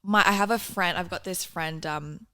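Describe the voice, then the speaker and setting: A woman in her twenties hosting a podcast, chatting casually and telling animated stories with quick asides. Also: lowish voice, slight background noise. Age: 20s. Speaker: podcast host. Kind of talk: casual chat.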